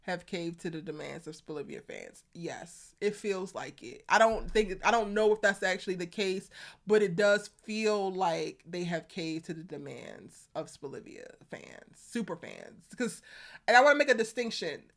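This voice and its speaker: A woman's voice: on the low side, expressive, moderate pace, creaky. A young woman with a Baltimore accent hosting a casual live stream, chatting and reading viewer comments aloud with frequent laughs.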